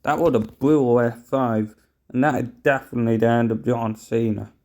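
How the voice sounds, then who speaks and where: A man's voice: mid-range voice, fairly even intonation, moderate pace, darkish tone. A young man giving outraged play-by-play wrestling commentary, swearing and talking to viewers as guys.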